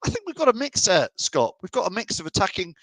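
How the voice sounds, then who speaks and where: A man's voice: sits high, big pitch swings, fast, a bit bright, dry recording, poor audio. A middle-aged man from England hosting a live fan show, chatting and teasing as he reads out viewers' messages. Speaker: fan channel host. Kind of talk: live stream chat reading comments.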